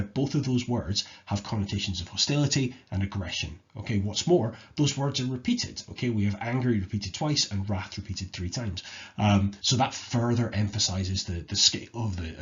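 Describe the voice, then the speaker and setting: A male teacher with a fairly low voice talks through an exam lesson. He explains steadily and patiently, restarting phrases as he thinks. The recording sounds dull and lo-fi. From Scotland. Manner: explanatory, measured, with restarts and fillers.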